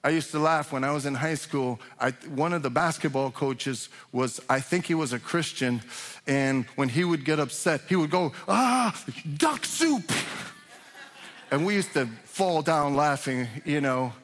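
A man's voice: fairly high pitch, moderate pace, fairly bright tone. A man preaching a sermon as pastor, talking conversationally with restarts and building to emphatic points. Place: church sanctuary. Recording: long hall reverb.

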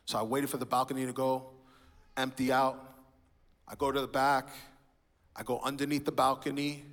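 A man stands in a church and gives his personal testimony in sermon style. He tells the story with animation, slipping into the voices of the people he quotes. His voice is bright and forward, and it rings with the long reverb of a large hall. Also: medium pitch, flat delivery, moderate pace. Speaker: speaker sharing his testimony.

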